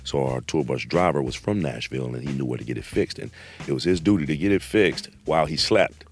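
Very deep-voiced man telling a story. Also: fairly quick. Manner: animated, slangy, acts out quotes. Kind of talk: casual storytelling.

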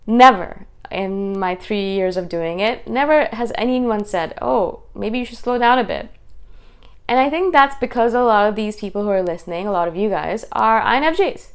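Woman vlogger, rapid passionate delivery, smooth clear voice, casual monologue. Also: medium pitch. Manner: fast, intense, animated delivery. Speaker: YouTube host. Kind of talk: casual talking-head monologue.

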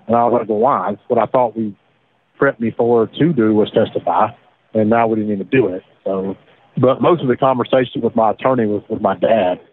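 A man, recounting his past in a halting way with repeated words, over the phone. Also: on the low side, fairly even intonation, slight background noise. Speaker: interviewee, former defendant. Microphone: phone line. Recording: tinny phone line.

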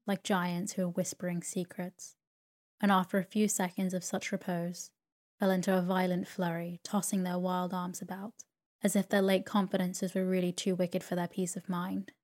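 A woman narrating a classic novel as a sleep story in a calm, even manner. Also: lowish voice.

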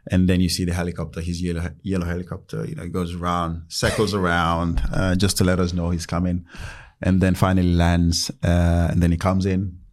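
A man's voice: deep voice, fairly quick. A man in his thirties, a former footballer, telling stories in a casual interview and acting out quotes in a raised voice. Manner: animated, acts out quotes in raised voice.

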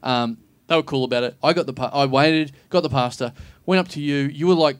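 A man's voice: on the high side, a little fast, clean tone, no room sound. A man co-hosting a live comedy podcast in a pub, telling a story with lots of swearing and acted-out voices. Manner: animated storytelling, swearing, acting out others. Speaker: podcast co-host.

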